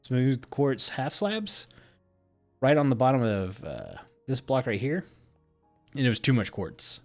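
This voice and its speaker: A man with a groggy morning voice, hosting a relaxed, rambling Minecraft let's play commentary and laughing often. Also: mid-range voice, measured pace, faint music behind. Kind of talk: casual gameplay commentary.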